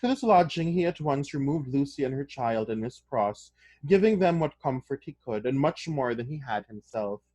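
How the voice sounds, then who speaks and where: A man reads a novel aloud in a plain, mid-pitched voice. Between passages he breaks into casual, excited commentary for his listeners. The sound is close and dry with no room echo. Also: moderate pace. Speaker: reader of a novel.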